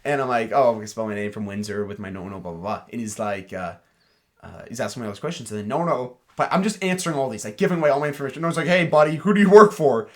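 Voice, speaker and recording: A young man co-hosting a podcast, telling a story in an animated way full of fillers. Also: on the low side, racing. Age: young adult. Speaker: podcast co-host. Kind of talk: casual chat.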